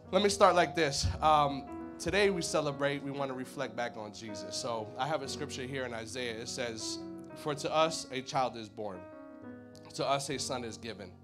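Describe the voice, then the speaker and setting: A man preaching a sermon at a church service, energetic and casual, full of slang and jokes. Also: medium pitch. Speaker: guest preacher.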